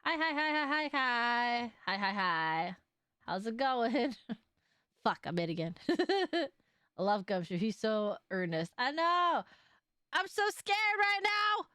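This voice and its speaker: Lively, laughing woman streamer. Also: a little high, takes it slowly, smooth, no echo, studio quality. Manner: animated, laughs often, swears casually. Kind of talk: casual live game stream chat.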